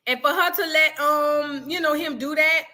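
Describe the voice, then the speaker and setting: A woman hosting a casual reaction livestream, rambling in slang, reading chat and shouting out viewers. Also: high voice, normal speed.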